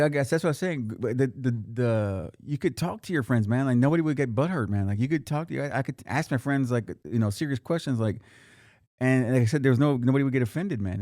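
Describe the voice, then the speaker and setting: Picture a man talking quickly and loosely on a podcast, words tumbling out with restarts and casual swearing. The sound is dry and close, with no room around him. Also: mid-range voice, warm tone, no echo. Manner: rambling, swears freely, many restarts. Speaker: podcast co-host. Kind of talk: casual chat.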